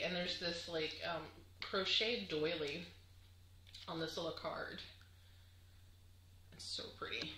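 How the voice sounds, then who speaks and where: A woman's voice: on the low side, bright, forceful tone, roomy sound, a little hiss or hum, low-quality recording. A woman chatting casually to camera on her crafting vlog, gushing and chatty with lots of fillers. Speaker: crafting vlogger.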